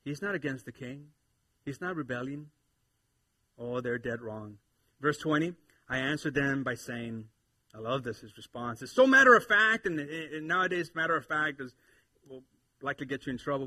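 A man in his thirties preaching a sermon in church, animated and playful, swinging between loud exhortation and quiet asides. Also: mid-range voice, moderate pace, no room sound. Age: 30s. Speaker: pastor. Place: church sanctuary with congregation.

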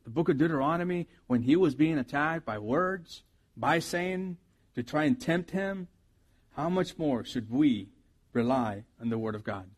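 A middle-aged man, a pastor, preaching a sermon with animated storytelling, his loudness swinging from soft asides to loud bursts. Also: on the high side, normal speed, slightly rough.

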